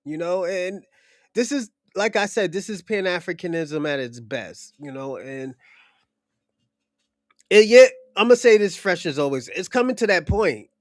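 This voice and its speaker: A young man with a fairly high voice talks in a loose, heated podcast discussion. He is blunt and profane and circles back to repeat his points. The sound is dry and close, with no room echo. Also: animated, unhurried. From United States. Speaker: podcast host. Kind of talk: casual unscripted discussion.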